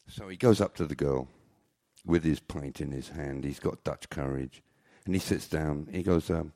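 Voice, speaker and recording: A man's voice: very deep voice, moderate pace, mellow, dry recording, studio quality. A man telling comic stories about his life on stage at a small club, rambling and joking at his own expense. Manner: rambling, joking, self-mocking. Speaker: storyteller. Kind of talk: live comic storytelling.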